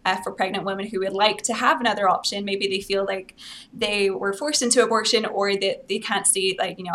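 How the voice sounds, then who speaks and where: A young Scottish woman whose speech carries a faint American lilt, talking as a podcast guest. She explains things in an articulate, earnest way at a middling pitch. A faint background noise sits under her voice. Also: fairly bright tone. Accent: Scottish with an American-sounding lilt. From Scotland. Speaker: guest advocate. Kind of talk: podcast interview.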